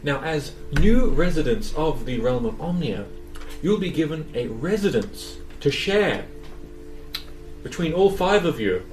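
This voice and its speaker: A man playing a breathy, formal orc woman who works as a liaison official. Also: fairly high pitch, very animated, measured pace, darkish tone, faint music behind. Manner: polite, officious. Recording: roomy, distant mic.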